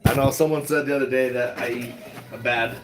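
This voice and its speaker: A man's voice: medium pitch, fairly even intonation, a little fast. Laid-back man rambling on a noisy phone video. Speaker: stock vlogger. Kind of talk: casual chat to viewers. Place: around his retail shop and car.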